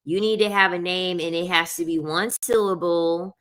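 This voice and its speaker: A woman with a lowish, steady, fairly bright voice talks at a normal pace. Her casual rant to viewers is blunt and full of swearing, punctuated by repeated apologies of "I'm sorry."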